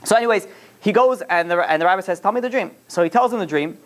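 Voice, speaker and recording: A man's voice: high voice, quick pace. A man teaching a religious lesson in a casual, rambling storytelling way, full of fillers and restarts. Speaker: Torah teacher.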